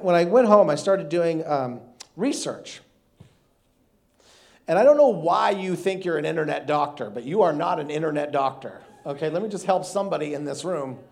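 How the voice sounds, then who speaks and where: A man in his thirties with a high voice preaches as a guest, telling a funny personal story animatedly while the sermon draws frequent laughter.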